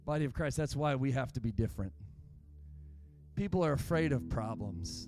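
A man's voice: medium pitch, animated, normal speed, long pauses, darkish tone, soft background music. A man preaching a sermon in a church, telling stories and acting out the quotes of the people in them. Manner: preaching with rising intensity, acts out quotes. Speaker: pastor.

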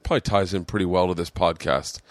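A man's voice: low voice, fast, no room sound. A man hosting his podcast, telling a long story in a loose, profane, rambling way. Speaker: podcast host. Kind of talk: casual storytelling chat.

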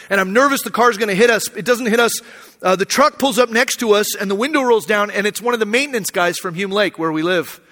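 Bright-voiced man preaching in a reverberant hall. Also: high voice. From Arizona. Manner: storytelling, emotional, conversational with many fillers. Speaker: pastor. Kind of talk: sermon.

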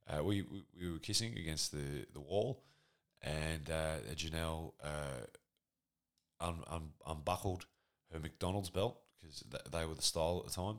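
Extremely deep-voiced Australian man rambling. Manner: rambling, profane, self-deprecating storytelling. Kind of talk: casual comedic anecdote monologue.

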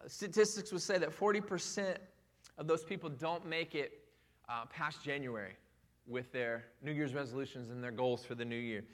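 A man's voice: high voice, fairly bright tone. A man preaching a sermon in a conversational way, with emphatic repetition and rhetorical questions. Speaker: pastor.

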